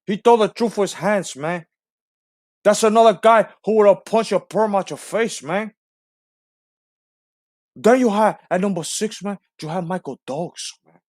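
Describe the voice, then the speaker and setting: A guy putting on a cocky cuban gangster voice, trash-talking, pitched up high, bone-dry sound. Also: moderate pace, pauses often, a little mellow, dry recording, close to an everyday voice. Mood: boastful. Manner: brash, taunting, ends phrases with "man". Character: swaggering foul-mouthed male Cuban gangster.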